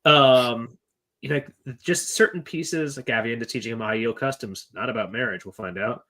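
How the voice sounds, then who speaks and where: Male podcast co-host, mid pitch, rambling and jokey, easygoing book talk. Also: moderate pace, bright, forceful tone. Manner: rambling, filler-heavy, joking. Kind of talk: casual book discussion.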